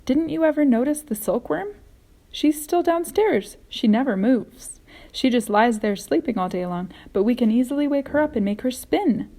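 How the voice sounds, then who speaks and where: A woman's voice: high voice, expressive, normal speed, mellow, pitched above the performer's own voice. A woman reading aloud, voicing an old male grasshopper who speaks eagerly and emphatically in a storybook. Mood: excited.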